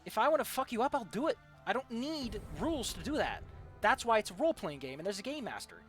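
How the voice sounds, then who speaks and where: A young male streamer chats over his gameplay in a sarcastic, ranting way, swearing freely. He talks very fast, in a fairly high voice. Faint music plays behind him. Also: very animated, fairly bright tone. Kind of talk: casual gaming stream chat.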